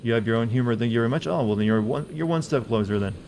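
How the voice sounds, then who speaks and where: A man's voice: mid-range voice, racing, a little mellow, a little hiss or hum. A man streaming a game live, rambling and teasing as he answers his chat and reads menu text aloud.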